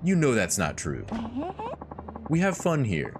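A man voicing an excitable young female hostess in a high, squeaky, bouncy voice while reading game dialogue. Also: a little slow, background noise. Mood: excited.

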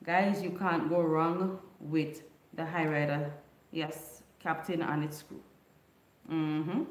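Slow, chatty island woman host. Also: sits low, fairly even intonation, roomy sound. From Caribbean island. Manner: chatty, greets viewers by name, laughs often. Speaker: livestream host. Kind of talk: casual livestream chat.

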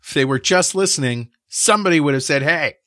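A man's voice: on the high side, animated, a little fast, pushed and bright, no echo, clean studio sound. A middle-aged man hosting a podcast, joking and apologizing in a self-deprecating way. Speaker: podcast host. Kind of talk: casual podcast chat.

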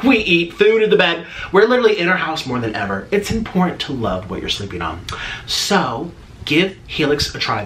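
Campy guy vlogging, super bright voice, bouncy up and down pitch. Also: a little hiss or hum. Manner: campy, theatrical, playful. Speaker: mukbang vlogger. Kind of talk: sponsored vlog chat.

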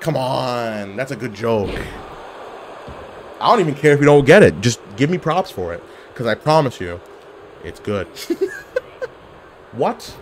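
A man giving casual, animated commentary while playing an online wrestling game, yelling at his opponent and cracking jokes. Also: mid-range voice, a little slow, long pauses, a little hiss or hum. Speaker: gaming YouTuber.

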